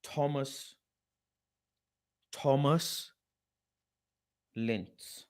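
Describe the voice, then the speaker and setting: Speaking very slowly in a clean, slightly mellow, mid-range voice, a young football channel host rants at what's on his screen, exasperated and mocking, cursing heavily and muttering names aloud as he reads them.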